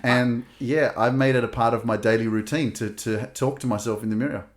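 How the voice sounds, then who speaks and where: A man hosting a podcast, asking questions and telling his own stories in a lively, enthusiastic way. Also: mid-range voice, fairly quick. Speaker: podcast host. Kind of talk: casual podcast conversation.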